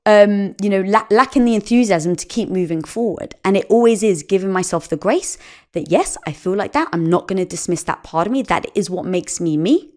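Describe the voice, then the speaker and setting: A woman's voice: medium pitch, brisk. A middle-aged woman speaking as a guest in a conversational interview, telling stories animatedly and acting out the dialogue. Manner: animated storytelling, acts out quoted dialogue. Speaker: podcast guest.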